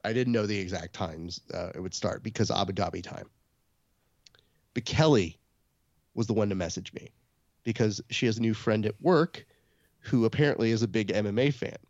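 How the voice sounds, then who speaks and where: A man with a low voice tells a story in casual podcast chat and shifts into lively voices to quote the people in it. The sound is dry and close, with a slightly dull, lo-fi tone. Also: normal speed, pauses often, dry recording. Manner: storytelling, quoting others in animated voices. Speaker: podcast co-host.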